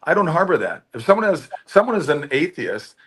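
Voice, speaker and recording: A man's voice: fairly high pitch, fairly quick, breathy edge. A middle-aged American man telling stories in a candid interview and acting out the dialogue in them. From United States. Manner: animated storytelling, often acting out quoted dialogue. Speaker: actor and producer, interview guest.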